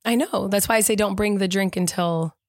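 A woman's voice: mid-range voice, a little fast, no room sound, clean studio sound. A woman co-hosting a podcast, telling rambling stories in casual chat. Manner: chatty, storytelling, rambling asides. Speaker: podcast co-host.

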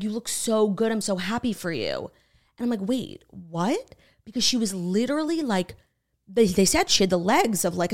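Podcast lady retelling a true crime doc, swears a lot, does little voices for the quotes. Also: medium pitch. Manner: animated, swearing, acts out quotes. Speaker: podcast co-host. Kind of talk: casual chat, retelling a true crime documentary.

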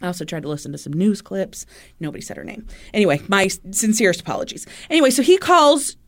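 A woman's voice: medium pitch, sing-song, fast, a bit bright. A woman co-hosting a podcast, telling a true-crime story in a chatty way, with easy laughs and loose fillers. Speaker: podcast co-host.

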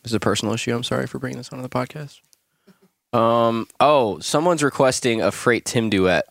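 A man's voice: medium pitch, a little fast, vocal fry, no echo, clean studio sound. A man co-hosting a casual podcast, teasing the others and laughing a lot. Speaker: podcast co-host. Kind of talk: casual chat.

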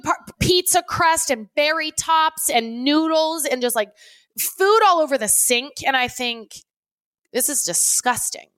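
A woman's voice: high-pitched, a bit bright, no room sound, studio quality. A woman co-hosting a casual podcast, telling stories animatedly and acting out quoted lines with laughs. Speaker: podcast co-host. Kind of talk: casual chat.

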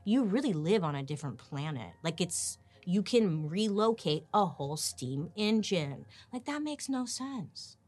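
A woman's voice: on the low side, very animated, measured pace, few pauses, a little mellow, breathy edge. A woman hosting a podcast, telling history in a sarcastic, casual way and swearing freely. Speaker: podcast host. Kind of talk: casual storytelling chat.

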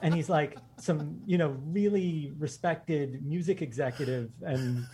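A man with a high-ish yet dark-toned voice, over a little hiss or hum, guests on a podcast. In a casual interview he tells personal stories quickly and enthusiastically, laughing often.

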